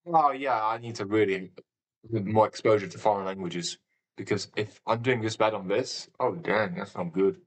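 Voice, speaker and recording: A man's voice: lowish voice, normal speed, low-quality recording. A man live-streaming a game, talking casually and thinking aloud, with a rambling manner and sudden exclamations. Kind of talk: casual live commentary while playing.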